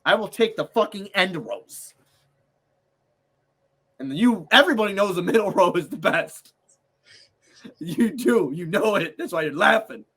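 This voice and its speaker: A young man on a sports podcast, venting in a fired-up, cursing rant. His voice sits a bit higher than most men's. He sounds openly irritated and keeps cycling back to it. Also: animated, unhurried, long pauses, fairly bright tone, slightly rough. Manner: ranting, profane, exasperated. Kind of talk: heated casual chat.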